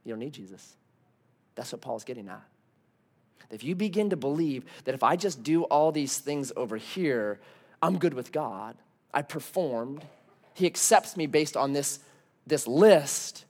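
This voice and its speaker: A man preaching a sermon as pastor, conversational, telling stories and asking the congregation rhetorical questions. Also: mid-range voice.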